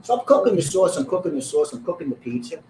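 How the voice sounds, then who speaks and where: A middle-aged man tells a story with blunt, animated energy. He acts out every line of the quoted dialogue. He sits in a roomy, echoing back room with clear construction banging and ambient noise behind him. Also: a little high, fast talker. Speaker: pizzeria owner. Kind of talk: storytelling in an interview.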